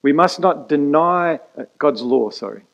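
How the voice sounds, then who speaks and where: A man preaching a sermon as pastor, emphatic and pausing for effect. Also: fairly high pitch, lively intonation, vocal fry, fairly bright tone, highs cut off. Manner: emphatic preaching with dramatic pauses and quick asides.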